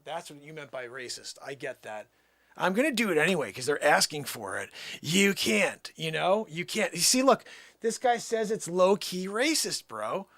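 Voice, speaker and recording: Male livestream host, high voice, emphatic rambling chat, dry close-mic sound. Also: normal speed, dry recording. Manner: animated, emphatic, defensive, talks to chat. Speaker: livestream music show host. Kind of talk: rambling live-stream chat.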